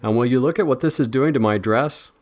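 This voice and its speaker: A man's voice: medium pitch, fairly quick, darkish tone, pitched above the performer's own voice, natural voice. A man voicing a fussy, theatrical man wearing a ball gown.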